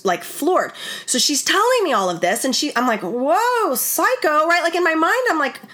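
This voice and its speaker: A woman with a slightly high voice tells a personal story in a loose, chatty way. She rambles with plenty of "like" and acts out what people said to her. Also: fairly quick. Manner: animated, rambling, full of "like" and retold dialogue. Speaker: wellness vlogger and former wedding photographer.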